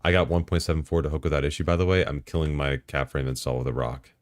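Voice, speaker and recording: Setting up software on a live stream, this bass-voiced man talks fast and casually to himself and his chat. Swearing and sudden excited bursts punctuate a dry recording.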